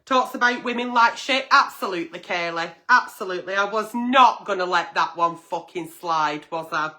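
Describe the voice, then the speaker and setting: A woman's voice: fairly low pitch, moderate pace, bright, forceful tone. A woman hosting a late-night agony-aunt stream, answering viewer letters bluntly and frankly, swearing freely. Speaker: host reading viewer letters.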